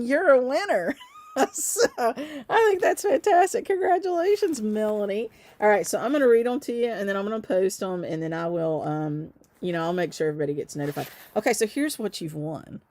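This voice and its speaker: A shop owner from the Southern United States chats casually and upbeat on a live stream, full of ums and little laughs. Her light Southern accent has been softened by travel, and her voice is fairly low and a little mellow.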